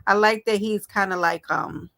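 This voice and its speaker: A woman's voice: mid-range voice, moderate pace, vocal fry, bright, forceful tone. A woman hosting a casual live stream, talking straight to her viewers in a chatty, affectionate way. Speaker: livestream host.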